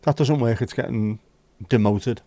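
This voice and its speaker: A man from Liverpool, England, with a Scouse accent hosts a casual livestream, greeting viewers by name, bantering, and grumbling at his own setup. His voice is mid-range and dark-toned, delivered at normal speed on a dry recording.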